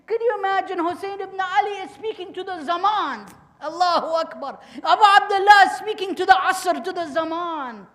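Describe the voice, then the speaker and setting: A woman's voice: very high-pitched, moderate pace, few pauses, fairly bright tone. A woman giving a mourning sermon as majlis speaker, narrating with passion, quoting Arabic phrases and building to cried-out lament.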